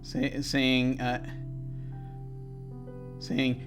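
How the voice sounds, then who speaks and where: Male game master, hesitant storyteller, average pitch, fills pauses with ums. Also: soft background music. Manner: halting, many ums and restarts. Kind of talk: narrating a tabletop game.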